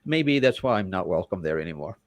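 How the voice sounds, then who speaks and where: A man from Manchester, England, telling rambling, animated stories as a wrestler guest in an interview. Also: deep voice, brisk, no room sound. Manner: rambling, animated, self-correcting storyteller. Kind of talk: interview storytelling.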